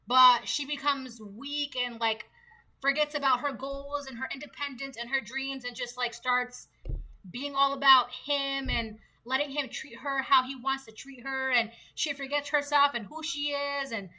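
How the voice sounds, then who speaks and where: A woman's voice: high voice, fairly even intonation, unhurried, sharp tone. A woman giving a casual tarot reading, chatty and slangy, often laughing between points. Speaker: tarot reader.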